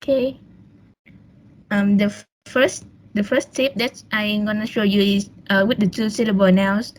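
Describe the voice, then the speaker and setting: A woman's voice: mid-range voice, fairly even intonation, a little slow, slight background noise, poor audio. A young woman, presenting a class lesson on a video call, hesitant with fillers and restarts. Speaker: student presenter.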